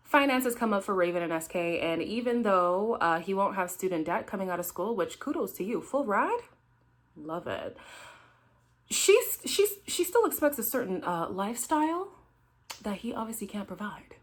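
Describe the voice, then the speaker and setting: A woman's voice: medium pitch, big pitch swings, moderate pace. A woman hosting a casual recap, talking frankly and chatting straight to her viewers. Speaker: recap host. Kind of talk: casual reaction commentary.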